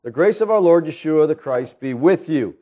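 A man's voice: a little high, expressive, moderate pace, mellow. A man preaching a sermon as pastor, emphatic and asking the congregation rhetorical questions.

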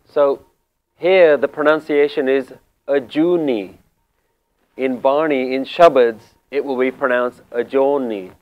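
A man teaching Sikh scripture, explaining word meanings calmly and deliberately, repeating key phrases. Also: medium pitch, smooth, lo-fi sound. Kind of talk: slow spiritual explanation.

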